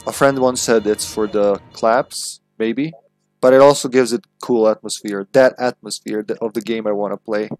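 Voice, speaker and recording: A man live-streaming a co-op game, chatting casually, laughing often and thinking out loud. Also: on the low side, fairly even intonation, moderate pace, faint music behind. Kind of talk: casual co-op gameplay chat.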